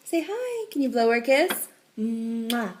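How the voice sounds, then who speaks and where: High, lively young mother coaxing a toddler. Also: unhurried, noisy background. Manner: sing-song, coaxing, laughs often. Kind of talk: playful talk to a toddler. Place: family home.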